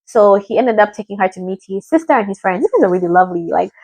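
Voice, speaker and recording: A chatty woman from Africa rambles through her thoughts on a dating show, slipping into imitations of the people she describes. Her voice sits at an ordinary middle pitch. It is recorded dry and close, with no room sound around it. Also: fast talker, a little mellow, dry recording. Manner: rambling, chatty, often mimics what others said. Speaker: reality show reactor. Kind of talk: casual chat.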